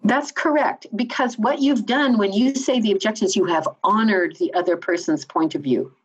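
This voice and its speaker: Woman from Canada, communication trainer type, enthusiastic and a bit loud, slightly dull recording. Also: medium pitch, moderate pace, breathy edge. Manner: enthusiastic, lively, teacherly. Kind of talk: explaining in a conversational interview.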